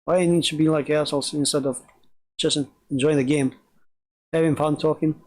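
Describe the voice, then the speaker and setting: Male gaming streamer, high voice, rambling and excitable, curses freely. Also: moderate pace. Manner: rambling, excitable, swears a lot. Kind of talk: casual live-stream chat.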